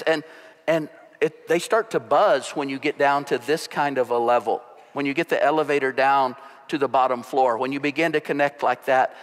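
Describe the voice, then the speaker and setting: A man preaching a sermon as pastor, telling stories with animated delivery. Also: on the high side. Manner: storytelling, animated. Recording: long hall reverb.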